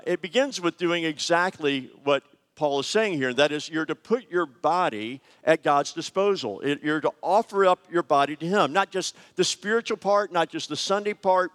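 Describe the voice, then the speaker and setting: A middle-aged man preaching a sermon, telling personal stories in a conversational, animated way with frequent fillers. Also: on the high side. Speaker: pastor. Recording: long hall reverb.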